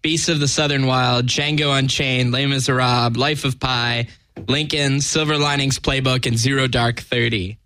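A man co-hosting a casual chat show, brisk and opinionated. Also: mid-range voice, fairly even intonation, pushed and bright, smooth. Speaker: podcast co-host.

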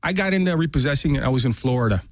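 Fast-talking streetwise man in his sixties. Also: medium pitch, lively intonation, dry recording, clean studio sound. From New York. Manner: laid-back, streetwise slang. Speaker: guest, former repo man. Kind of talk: casual storytelling.

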